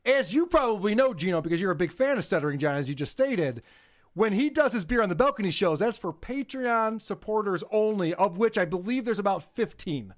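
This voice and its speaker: A man hosts a podcast in a very high voice. His pitch moves a lot as he banters and mocks someone. He sounds casual and laughs easily. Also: expressive, a little fast. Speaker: podcast host.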